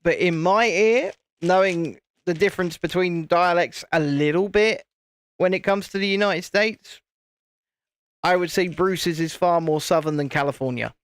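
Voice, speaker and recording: A man's voice: high-pitched, a little slow, clean tone, dry recording, clean studio sound. A British man hosting a live stream, chatting casually in a rambling way and often restarting his sentences. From United Kingdom. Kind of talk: casual live-stream chat while building.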